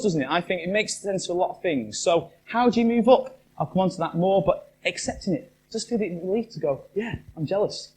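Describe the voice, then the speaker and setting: Animated man giving a live talk. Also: fairly high pitch, a little hiss or hum. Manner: chatty and animated, asks the room questions. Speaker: motivational speaker. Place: live event venue.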